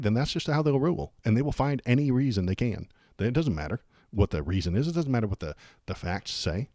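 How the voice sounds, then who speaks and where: A man's voice: fairly low pitch, warm tone, no echo, studio quality. A man hosting a live political stream, reacting in casual, rambling commentary that turns sarcastic and slips into muttered curses.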